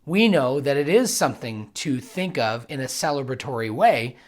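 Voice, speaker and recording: A man's voice: medium pitch, animated, moderate pace. Earnest man giving devotional teaching. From United States. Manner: earnest and reflective, builds to emphatic bursts.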